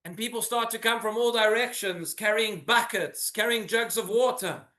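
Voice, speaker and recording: A man's voice: high voice, normal speed, bright, forceful tone, reverberant. A man, a rabbi, giving an earnest sermon full of rhetorical questions in a synagogue.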